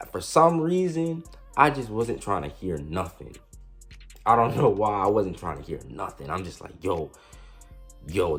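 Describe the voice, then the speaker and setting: A man's voice: low-pitched, a bit bright. A young man casually telling a storytime about his past, slangy and self-mocking, with frequent restarts. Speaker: storyteller vlogger.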